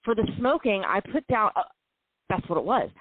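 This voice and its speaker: A woman's voice: mid-range voice, big pitch swings, no room sound. A woman co-hosting a talk show, telling a personal story in a candid, emotional way. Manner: emotional, heartfelt, quick bursts and slow stretches. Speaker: podcast co-host. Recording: tinny phone-line sound, dry.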